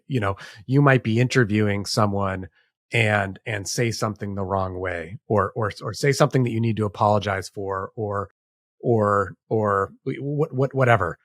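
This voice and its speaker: Podcast host, man, low voice, halting and repetitive questioning, dry close sound. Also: a bit bright, dry recording. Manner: halting, repeats words while forming questions. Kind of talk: podcast interview.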